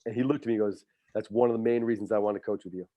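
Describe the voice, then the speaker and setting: A middle-aged man, a high school football coach, speaking in a heartfelt, faith-filled way on a podcast, often repeating words when he is moved. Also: steady tone, rapid-fire, no room sound, phone-quality sound. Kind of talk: emotional podcast interview.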